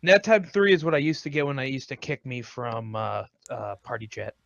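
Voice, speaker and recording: A man's voice: mid-range voice, steady tone, moderate pace, creaky, a bit bright, dry recording, dull audio. A man co-hosting a casual gaming podcast, joking crudely and teasing his friends. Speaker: podcast co-host.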